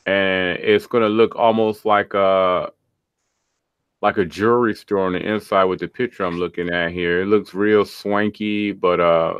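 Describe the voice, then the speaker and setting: Smooth low-voiced man, dry close sound. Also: fairly even intonation, unhurried, no echo, lo-fi sound. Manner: hesitant, searching for words. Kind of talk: casual tech chat.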